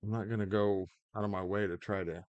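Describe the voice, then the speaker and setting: Low-voiced man rambling over gameplay. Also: level tone, fast, a little mellow, no echo, lo-fi sound. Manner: rambling, hesitant, many fillers and restarts. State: hiccups. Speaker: gaming channel host.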